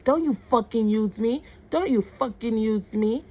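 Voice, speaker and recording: Woman quoting a loud, bossy, hot-tempered male date, voice gravelly with fry. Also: fairly high pitch, a little slow, pitched above the performer's own voice, exaggerated voice. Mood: angry.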